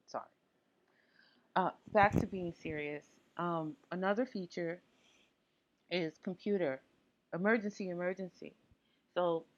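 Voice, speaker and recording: A woman's voice: on the low side, lo-fi sound. A woman hosting a casual tech tutorial, chatty and full of small asides and fillers. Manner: chatty, lots of ums and asides.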